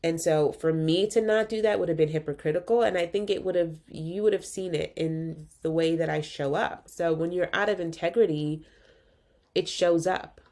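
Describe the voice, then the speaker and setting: A woman's voice: fairly low pitch, moderate pace, darkish tone. A woman hosting her own podcast, congested with a cold, talking candidly and informally about rest and burnout. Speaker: podcast host and physician coach. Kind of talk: casual solo podcast talk.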